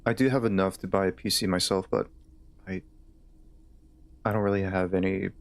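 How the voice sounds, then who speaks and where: Rambling streamer with a Southern drawl. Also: male voice, low-pitched, fairly even intonation, normal speed. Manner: rambling, hesitant, many restarts. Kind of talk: casual gaming stream chat.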